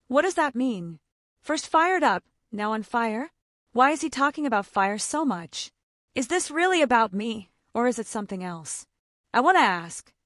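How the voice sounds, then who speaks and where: A woman narrating a first-person story for English learners in simple, short sentences with clear delivery. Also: fairly high pitch, a bit bright, no room sound, studio quality. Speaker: narrator of a graded reader story.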